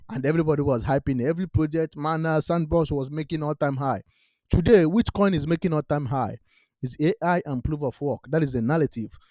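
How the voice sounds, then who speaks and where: A man runs a crypto channel and talks investments straight to the camera, emphatic and repetitive, in non-native grammar, frequently asking "all right?". His fairly high, slightly mellow voice is brisk, and the recording is dry.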